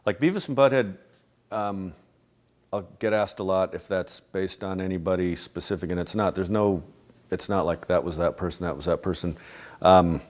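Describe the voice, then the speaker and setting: Low-voiced middle-aged man reminiscing. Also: moderate pace. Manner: rambling, restarting sentences, laughing softly. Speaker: interviewee, animation creator. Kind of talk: casual reflective interview talk.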